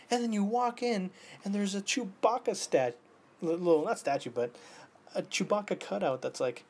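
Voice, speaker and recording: A man in his twenties talking casually in an animated way, swearing often and swinging between loud outbursts and near-whispers. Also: high-pitched, normal speed, husky. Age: 20s. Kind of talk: casual monologue.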